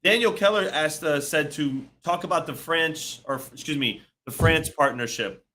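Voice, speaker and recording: Bright-voiced man asking casual questions. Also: on the high side. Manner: informal, halting questions. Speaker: co-host relaying chat questions. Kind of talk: casual call-in show chat.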